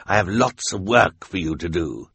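A man's voice: deep voice, expressive, normal speed, gravelly, a bit bright, breathy edge, dry recording, exaggerated voice. A man voicing a grumpy, vain, scheming male villain who growls orders in an audiobook. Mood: barking orders. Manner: growling, bossy. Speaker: audiobook character.

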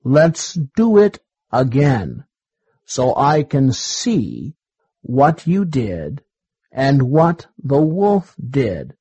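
Man playing a measured storybook monkey judge, slow, husky. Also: mid-range voice, huge pitch swings, dark tone, no echo, muffled recording, exaggerated voice. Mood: calm. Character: calm, wise male monkey judge.

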